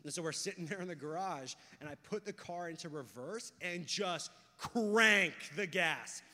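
A young man preaching a sermon, talking casually and telling stories, going from hushed to loud and excited. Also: sits high, moderate pace. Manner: conversational, storytelling, swings from hushed to loud and excited. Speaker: pastor. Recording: long hall reverb.

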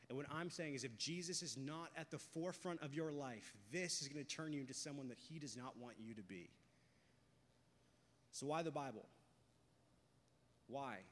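A young man preaching a sermon, talking casually and telling stories, going from hushed to loud and excited. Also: fairly high pitch, moderate pace, long pauses. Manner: conversational, storytelling, swings from hushed to loud and excited. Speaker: pastor. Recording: long hall reverb.

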